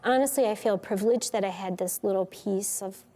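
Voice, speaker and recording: A woman's voice: medium pitch, a little fast, mellow. A woman social worker speaking earnestly in an interview. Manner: earnest, admiring.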